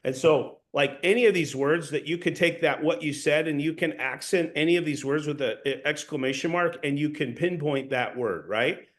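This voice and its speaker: A man with a slightly high voice runs a practice session as a sales trainer. He explains in an instructive, hands-on way, often restarting and repeating his phrases as he goes. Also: normal speed, few pauses.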